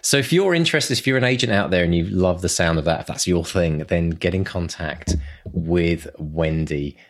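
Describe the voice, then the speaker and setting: A man's voice: low-pitched, moderate pace. A male podcast host introducing segments in an upbeat, enthusiastic way. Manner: upbeat, enthusiastic, repeats "brilliant stuff". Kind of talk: casual podcast chat.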